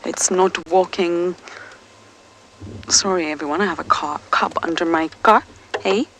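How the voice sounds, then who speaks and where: A woman's voice: fairly low pitch, measured pace, background noise. A woman safari guide talking to viewers live from a game vehicle outdoors, often whispering so she won't startle the animals. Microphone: earpiece and mic.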